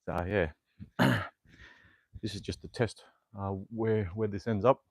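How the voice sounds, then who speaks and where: A man's voice: on the low side, takes it slowly, gravelly, dry recording. An Australian man chatting casually on a home workout livestream, rambling with lots of fillers and mild swearing. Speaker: fitness livestreamer. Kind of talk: casual live-stream chat while exercising. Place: at home, indoors. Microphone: clip-on mic that falls off at times.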